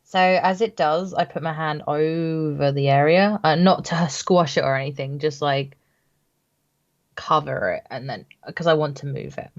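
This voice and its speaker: Woman player, lower voice, hesitant with fillers, muffled remote audio. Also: measured pace. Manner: hesitant, relaxed with many fillers. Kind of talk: casual tabletop game play.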